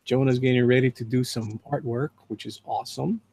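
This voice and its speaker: A livestream host and artist speaks briskly in a steady, mid-range voice that's creaky, darkish, and edged with breathiness. On his live drawing stream he chats casually with call guests and reads out chat messages in a relaxed way.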